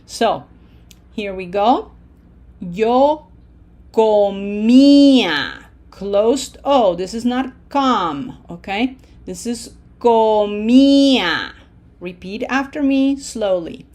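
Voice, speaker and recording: Slow, patient woman teaching a language. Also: fairly high pitch, darkish tone. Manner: slow, deliberate, stretches vowels when modeling words; patient, checks in with "okay?". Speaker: Spanish teacher. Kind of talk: language lesson over slides.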